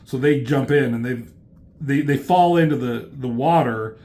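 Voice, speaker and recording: A man talks through a comic book in a loose, rambling way as a reviewer. He swears freely and keeps his voice at a middle pitch. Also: measured pace, mellow. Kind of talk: casual retelling of a comic.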